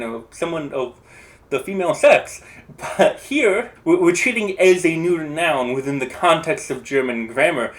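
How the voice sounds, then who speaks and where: A language video creator explaining translation in a casual, think-aloud way, often hedging and restarting. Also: mid-range voice.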